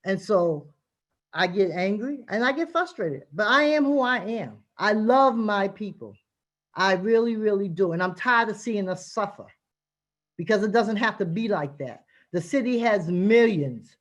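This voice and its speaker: A woman's voice: on the high side, lively intonation, normal speed. A middle-aged woman, a community activist giving impassioned, emphatic testimony at a city hearing over a video call. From Boston, Massachusetts.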